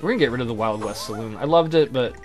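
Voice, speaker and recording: A man's voice: mid-range voice, very fast, over music. A man giving casual, joking and crude commentary while playing a game. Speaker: let's play host.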